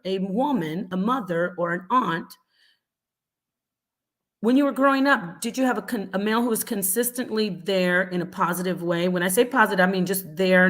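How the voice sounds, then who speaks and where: A middle-aged woman, a mother, hosting a live stream and answering chat comments with animated, repetitive explanations. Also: mid-range voice. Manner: animated, acts out quoted voices, repeats points.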